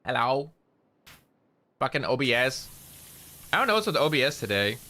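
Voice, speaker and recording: Bright-voiced Canadian man rambling. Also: mid-range voice, big pitch swings, normal speed. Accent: rural Canadian. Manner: rambling, heavy use of "like", casual swearing. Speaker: streamer. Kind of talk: casual chat while gaming.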